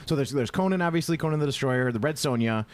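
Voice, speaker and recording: A man's voice: mid-range voice, fast talker. A man co-hosting a podcast in casual chat, swearing freely and laughing often. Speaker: podcast co-host.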